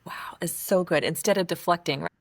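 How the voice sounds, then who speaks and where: A woman's voice: lowish voice, fairly quick, gravelly, dry recording. A woman hosting a podcast interview, affirming her guest and asking questions. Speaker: podcast host.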